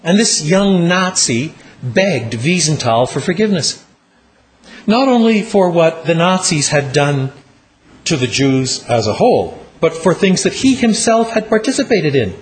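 A man preaching a sermon with dramatic storytelling, dropping low and slowing down on key words. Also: sing-song.

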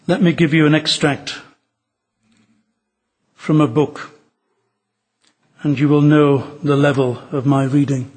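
A man preaching a sermon to fellow ministers, earnest and measured, reading a story aloud with drama. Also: on the high side, fairly even intonation, darkish tone, slightly rough.

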